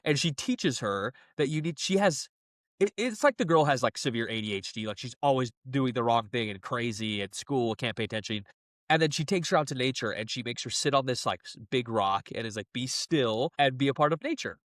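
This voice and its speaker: A young man co-hosting a podcast, retelling a film in lively casual chat and laughing often. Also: mid-range voice, a little fast, dry recording, studio quality. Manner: animated, laughing storyteller. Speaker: podcast co-host.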